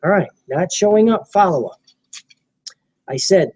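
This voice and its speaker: Husky guy coaching a sales crew, acts out the pitch lines, lots of energy. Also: expressive, a little slow, long pauses, a little mellow, low-quality recording. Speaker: network marketing trainer. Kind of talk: training talk to a small group.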